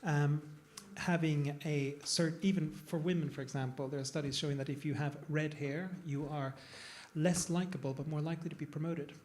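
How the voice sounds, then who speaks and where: Chatty, high-voiced man with self-mocking humor. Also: steady tone, normal speed, hardly any pauses, darkish tone, a little hiss or hum. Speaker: eyelid plastic surgeon, panel speaker. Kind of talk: live panel talk to an audience. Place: event room with an audience.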